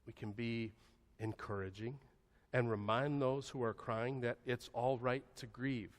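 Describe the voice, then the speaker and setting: A man preaches a sermon in a church sanctuary, his voice sitting in a middle pitch. He speaks slowly and softly, with long pauses, often sinking to a hush. The sound rings with the long reverb of the hall. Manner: slow, soft-spoken, with long pauses and dropping to a hushed voice. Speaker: pastor.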